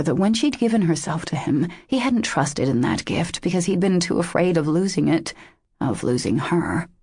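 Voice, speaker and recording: A woman narrating a romance audiobook in a measured, intimate way. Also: lowish voice, a little mellow, breathy edge, no echo, studio quality.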